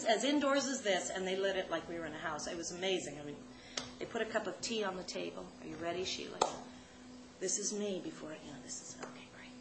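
A woman comedian telling a story live, wry and animated, acting out the people she quotes. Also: a little high. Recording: echoey room, loud background noise.

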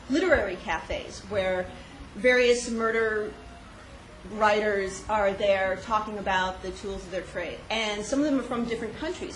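A woman telling a personal story with animated delivery, frequent laughs and many fillers. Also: mid-range voice. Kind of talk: personal story told on stage. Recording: echoey room with noise.

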